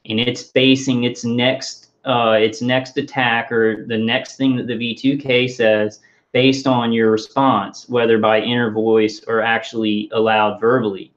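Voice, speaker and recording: A man talking casually to his viewers in a rambling, halting way, full of restarts and fillers. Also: mid-range voice, little pitch movement, highs cut off. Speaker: vlogger.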